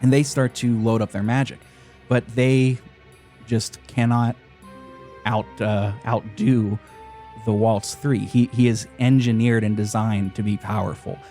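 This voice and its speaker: A man's voice: lowish voice, a little slow, faint music behind. A man hosting a podcast, retelling game scenes in a casual chat full of "uh" fillers. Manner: animated retelling, frequent "uh" fillers. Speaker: podcast host.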